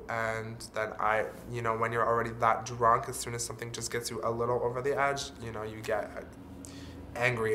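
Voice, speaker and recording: A man's voice: mid-range voice, bright, forceful tone, slight background noise. A man speaking in a candid, earnest confessional vlog, dropping the odd swear word. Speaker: vlogger.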